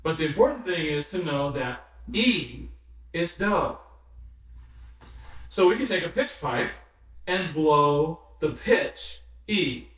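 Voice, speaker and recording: A man's voice: on the high side, animated, takes it slowly, long pauses, fairly bright tone. A man teaching a music lesson, patiently explaining notes, rhythms and solfege, sometimes chanting or singing them. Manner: patient, counts rhythms and sings solfege aloud. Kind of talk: slow instructional explanation. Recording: very echoey room, somewhat distant mic.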